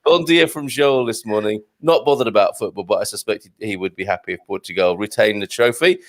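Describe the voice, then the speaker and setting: A man's voice: lowish voice, fairly quick. A middle-aged man hosting a casual live stream, joking and reading out viewer comments. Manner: jokey, reads out viewer comments. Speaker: show host.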